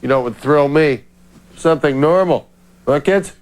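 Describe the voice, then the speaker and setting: An actor playing a square middle-aged suburban dad, making sarcastic jabs. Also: male voice, a little high, moderate pace, lightly acted. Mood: mocking. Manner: sarcastic, nudging, folksy jabs.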